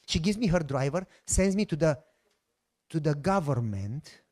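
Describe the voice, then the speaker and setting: A man's voice: fairly high pitch, normal speed. A middle-aged man with a Romanian accent, a pastor telling a personal testimony in a sermon, acting out the voices in the story. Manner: animated storyteller who acts out voices.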